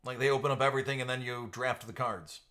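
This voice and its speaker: A man's voice: mid-range voice, fairly even intonation, fast, bright, forceful tone. A man hosting a casual live stream, chatting with viewers by name and laughing often. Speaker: live stream host for card breaks. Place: at home.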